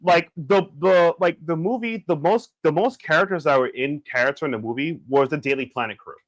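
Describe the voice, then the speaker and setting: A man co-hosting a podcast in casual chat, jokey and animated, now and then slipping into loud bits. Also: on the high side, fairly quick, no echo, low-quality recording. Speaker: podcast co-host.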